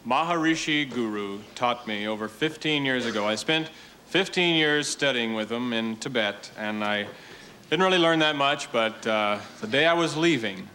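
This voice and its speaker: A man doing a stand-up routine on a TV stage, telling his story in a deadpan, mock-earnest way to a live audience. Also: mid-range voice, normal speed. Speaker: stand-up comedian. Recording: TV studio with audience laughter and noise.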